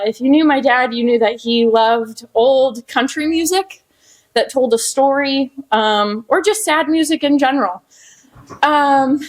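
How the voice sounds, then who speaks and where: A young woman with a fairly high voice gives a personal tribute at a ballroom gathering. She laughs softly through her emotion and pauses often on fillers. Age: young adult. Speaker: speaker at a memorial honoring her father. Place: hotel ballroom event.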